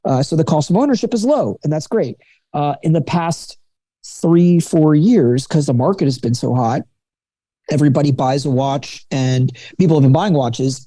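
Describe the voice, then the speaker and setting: Candid, mellow-voiced man in casual chat. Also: a little high, dry recording. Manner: candid, swears freely, lots of fillers. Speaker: watch dealer, podcast guest. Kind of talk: casual conversational interview.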